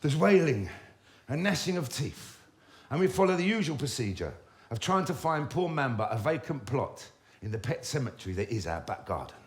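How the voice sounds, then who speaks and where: A man, telling comic stories about his own life in a wry, swearing, animated manner. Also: medium pitch, normal speed, soft background music. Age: 50s. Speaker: storyteller. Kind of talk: comic autobiographical storytelling.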